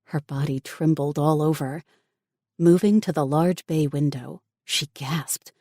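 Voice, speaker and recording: A woman narrating an audiobook in steady, even scripted narration. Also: sits low, a little slow, no room sound, clean studio sound.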